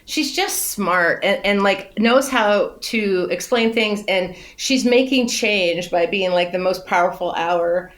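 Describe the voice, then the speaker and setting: A middle-aged woman chatting as a podcast guest, her voice sitting at an ordinary pitch. She tells stories in a lively, spilling way, laughing often and breaking into exclamations. She acts out what other people said. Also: takes it slowly, few pauses. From United States. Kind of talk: casual podcast interview.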